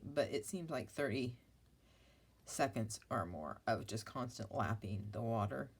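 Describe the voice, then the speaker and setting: Low-voiced woman host of a home craft vlog, chatty and rambling. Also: slight background noise. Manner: chatty, rambling, talks to viewers and her dog. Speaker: craft vlogger. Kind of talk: casual chat while crafting.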